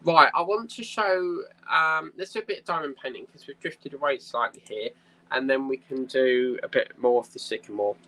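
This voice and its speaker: A man's voice: mid-range voice, normal speed, sharp tone, rough recording. A man hosting a casual craft live stream, chatting in a rambling way and reading viewer comments aloud.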